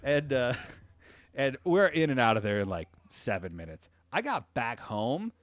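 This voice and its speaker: A man co-hosting a podcast who tells a story in casual chat, swears freely and jumps into a high voice when he quotes people. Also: sing-song, a little slow, dry recording. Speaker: podcast co-host.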